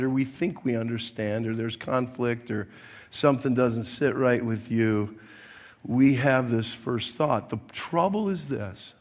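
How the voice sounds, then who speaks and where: A middle-aged man, a pastor, preaching a sermon to his congregation in a chatty, joking way, with a hoarse, coughing throat. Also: mid-range voice. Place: church sanctuary. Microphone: mic at the pulpit, then a handheld mic. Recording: long hall reverb.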